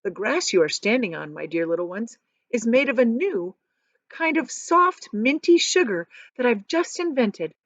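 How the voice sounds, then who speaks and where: A woman's voice: a little high, very animated, moderate pace, dry recording. A woman voicing an eccentric, showy male candy maker with a grand, coaxing manner.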